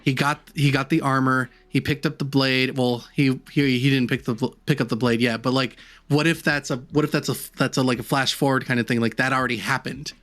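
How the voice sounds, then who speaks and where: A man's voice: mid-range voice, steady tone, brisk, few pauses, a bit bright. Laid-back man speculating on a podcast. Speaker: podcast co-host. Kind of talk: casual chat.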